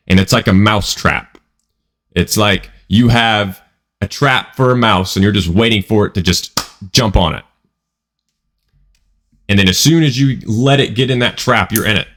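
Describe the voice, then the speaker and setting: A man talking in a casual vlog monologue about trading, emphatic and profane, often repeating himself. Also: lowish voice. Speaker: trading educator.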